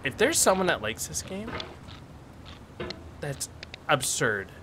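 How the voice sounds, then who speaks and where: A young man commenting on his gameplay, exasperated and raging, shouting "dude" and swinging between muttering and yelling. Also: a little high, very animated, slow pace, background noise. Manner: exasperated, keeps saying "dude", shouting in rage. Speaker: gaming YouTuber.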